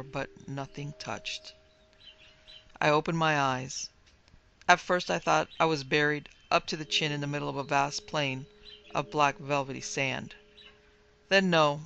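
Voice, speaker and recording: A woman narrating a first-person dark fantasy story with vivid, dramatic delivery. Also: low voice, vocal fry, slight background noise. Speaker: narrator and producer.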